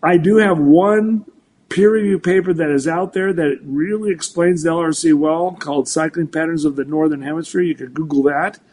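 Older male weather forecaster in his sixties, animated, restarting sentences, faint background noise. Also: on the high side, moderate pace. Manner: animated, full of restarts and repeats. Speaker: meteorologist guest. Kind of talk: casual talk show chat.

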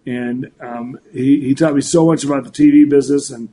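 Older male weather forecaster in his sixties, animated, restarting sentences, faint background noise. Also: medium pitch, brisk. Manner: animated, full of restarts and repeats. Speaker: meteorologist guest. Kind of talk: casual talk show chat.

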